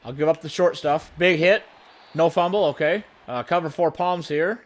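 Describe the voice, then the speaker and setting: At a moderate pace, a man hosting a gaming channel talks through each move of the game he's playing. He has a slightly high voice and gets loudly worked up when plays fall apart, all in typical let's play commentary.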